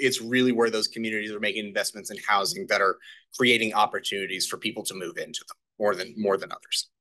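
A man walks a committee through planning data in a public meeting. His voice is bright and forward, and his talk is halting, full of fillers and restarts. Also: mid-range voice. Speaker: staff presenter.

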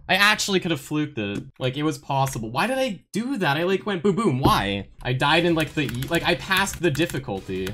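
A young woman streaming a game, talking to her chat, scolding herself and yelling when she fails, with faint game music behind her. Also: low-pitched, big pitch swings, fairly quick, few pauses, background noise. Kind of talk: live-stream gameplay commentary.

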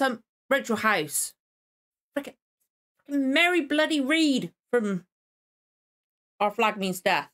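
Chatty woman reaction host, slightly high voice. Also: slow pace, long pauses. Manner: rambling and repetitive, then excitable exclamations. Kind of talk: casual reaction commentary.

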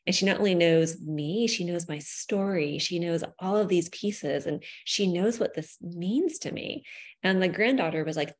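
A woman founder in a live online discussion, telling stories in an animated, fluent way. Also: lowish voice, moderate pace. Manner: animated storyteller. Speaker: company founder.

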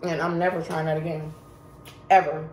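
A woman vlogger recounts a story in an emphatic, chatty way, talking directly to her viewers. Her voice sits a little low, and the recording carries a roomy echo. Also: flat delivery, moderate pace, a little mellow, a little hiss or hum. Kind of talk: casual storytime vlog.

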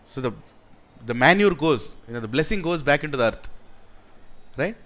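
Animated Indian English spiritual speaker, man. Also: fairly high pitch, normal speed. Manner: animated storyteller, asks the audience questions. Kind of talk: devotional talk to an audience.

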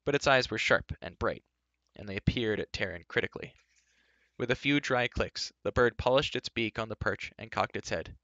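Male reader, lowish and bright, steady storytelling, dry and dull lo-fi recording. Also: normal speed, dry recording. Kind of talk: reading a novel aloud.

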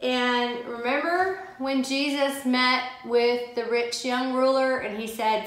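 A woman with a fairly high voice leads a Bible study, reading scripture slowly and driving her points home by repeating them. Her voice rings around a very echoey room. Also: a bit bright. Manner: emphatic, repeats key phrases, reads scripture slowly.

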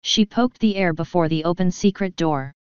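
Low-voiced woman reading a story aloud. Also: normal speed, smooth, no echo. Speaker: fanfiction reader. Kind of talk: audiobook narration. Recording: dull lo-fi dry recording.

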